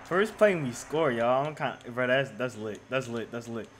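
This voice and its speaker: A young man giving casual, slangy commentary on his own football video game, getting loudly hyped over big plays. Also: medium pitch, moderate pace, a little hiss or hum. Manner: excitable, slangy, hypes up plays. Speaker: gaming YouTuber. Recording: music playing in the background.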